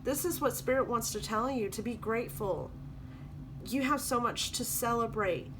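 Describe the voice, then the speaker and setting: A woman's voice: on the high side, normal speed, background noise. A woman doing a spoken tarot reading, coaching viewers in an earnest, repetitive way. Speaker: tarot reader.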